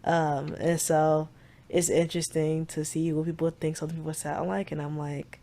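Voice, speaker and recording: With a low, warm, level voice and a moderate pace, this podcast co-host, a woman in her twenties with a Southern US accent, keeps the casual talk frank and full of swearing, leaning heavily on "like."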